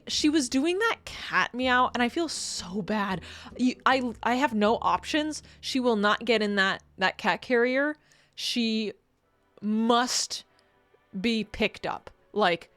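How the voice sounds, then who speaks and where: A woman's voice: medium pitch, fairly bright tone. A woman streamer in casual chat, rambling and laughing often as she reads chat messages.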